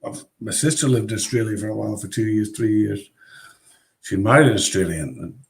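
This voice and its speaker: A man's voice: fairly low pitch, brisk, vocal fry. A man hosting a casual livestream chat over a video call, ranting with heavy swearing. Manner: profane, ranting. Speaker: livestream host.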